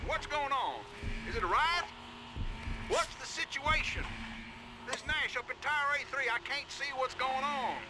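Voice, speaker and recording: A panicky prison guard. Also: male voice, very high voice, measured pace. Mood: alarmed. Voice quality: frantic, shouting into a radio. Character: panicked male prison guard, jumpy and cursing. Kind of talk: video game voice acting. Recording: loud noisy game audio.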